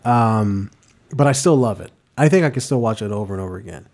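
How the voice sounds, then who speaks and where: A man's voice: fairly low pitch, fairly quick. A man co-hosting a film podcast, talking casually and animatedly, swearing a lot and acting out scenes in goofy voices. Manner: animated, swearing, acts out movie lines in silly voices. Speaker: podcast co-host. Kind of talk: casual chat.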